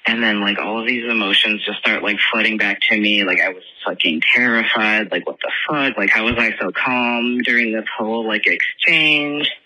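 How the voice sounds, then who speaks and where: A man telling a long story in a casual, rambling way, filling almost every pause with filler words, as a recorded message from a listener. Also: on the low side, fairly even intonation, bright, forceful tone, low-quality recording.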